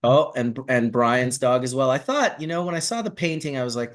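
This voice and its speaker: A man hosting a casual chat, telling animated stories and swearing casually. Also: mid-range voice, fairly quick. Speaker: host.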